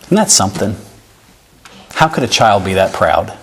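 A man's voice: on the low side, sing-song, normal speed. A male pastor preaching an earnest sermon to his church and reading scripture aloud. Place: church sanctuary.

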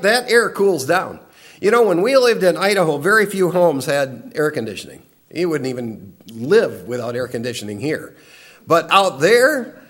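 A middle-aged man with a notably high-pitched voice, preaching an expository sermon. He explains the text verse by verse and briefly acts out the quoted lines. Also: a bit bright. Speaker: pastor.

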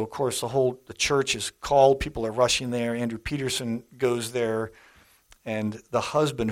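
Man preaching a conversational sermon. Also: mid-range voice. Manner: conversational storytelling, addresses the congregation directly.

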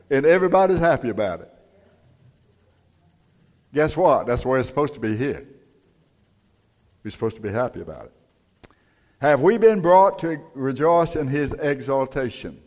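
A man's voice: on the high side, expressive, normal speed, long pauses. An older male pastor preaching a sermon in a folksy, storytelling manner. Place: church sanctuary. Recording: long church reverb.

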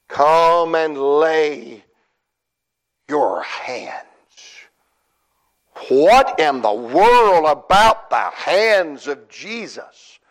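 Impassioned high-voiced preacher, slow delivery. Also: male voice, poor audio. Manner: impassioned preaching, swinging from hushed murmurs to shouted cries; draws out words slowly for emphasis. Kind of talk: sermon.

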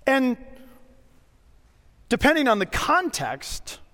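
Middle-aged pastor guy, really high bright voice, storytelling sermon, long church reverb. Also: huge pitch swings. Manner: storytelling, conversational with dramatic pauses. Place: church sanctuary.

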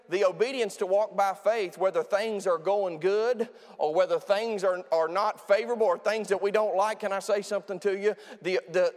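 Male preacher, high voice, emphatic and repetitive, hall reverb. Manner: emphatic, repetitive, with frequent restarts. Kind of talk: sermon.

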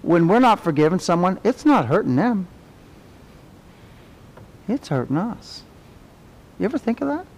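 A middle-aged man teaching a Sunday school class in a church classroom, animated, peppering the class with questions and sinking to a soft murmur on reverent words. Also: a little slow, pauses often. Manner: animated, asks the class many tag questions; drops to a soft, low murmur on reverent phrases. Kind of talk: conversational Bible teaching.

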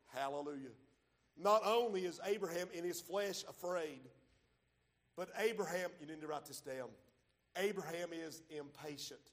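A high-voiced pastor preaches in a large church hall whose long reverb trails each phrase. He swings from loud, shouted peaks down to low, quiet asides. He slows down and stretches his key lines. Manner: drawls key phrases slowly. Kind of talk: sermon.

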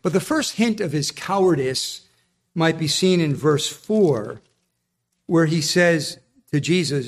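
A man's voice: a little high, expressive, slow pace. A man preaching a sermon in an earnest, emphatic, explaining manner.

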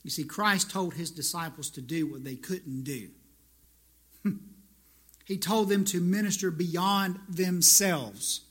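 A man preaching to his congregation in a church, with a high-pitched voice. His tone is bright and ringing. He talks like he is chatting with friends, then presses his point with emphatic, repeated phrases. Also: takes it slowly, breathy edge. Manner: conversational preaching, rising to emphatic repetition. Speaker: pastor. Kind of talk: sermon.

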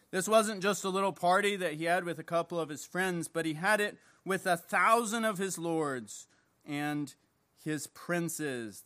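A man preaching an evening sermon, reading scripture and praying in slow, deliberate, emphatic phrases. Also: on the high side, bright, forceful tone. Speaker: pastor. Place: church service.

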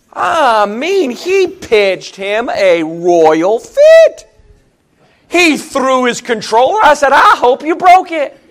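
A middle-aged pastor delivers a fired-up sermon in a voice very high for a man, leaping across a wide, lively range. He preaches emphatically, shifting from hushed asides to loud, shouted refrains.

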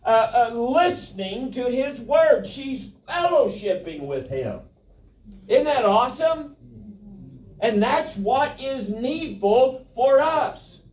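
A man preaching a Bible lesson, with a folksy, joking manner, asking the congregation questions. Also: very high voice. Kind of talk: sermon, Bible teaching. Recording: roomy, from a distance.

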